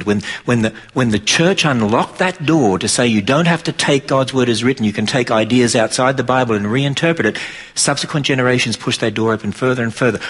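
Preaching emphatically and with drive, a middle-aged Australian Christian speaker uses a husky, medium-pitched voice with a fairly bright tone. When quoting mockingly, his pitch climbs sharply.

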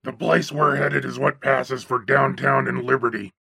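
A man voicing a gregarious, overweight, chain-smoking male cab driver with a raspy, phlegmy voice and a folksy, chatty way of talking. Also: medium pitch, flat delivery, normal speed, sharp tone, dry recording, studio quality, pitched below the performer's own voice, exaggerated voice. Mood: folksy chatter. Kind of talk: audiobook character voice.

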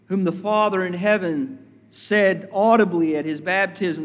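A man preaching a sermon as a pastor, measured and deliberate, building emphasis through repetition. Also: sits high, long reverb tail.

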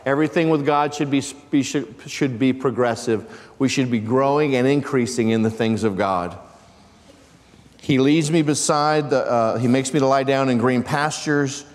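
A man's voice: medium pitch, moderate pace. Pastor guy preaching, fires questions at the crowd, big churchy reverb. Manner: calls out questions to the congregation. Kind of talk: sermon.

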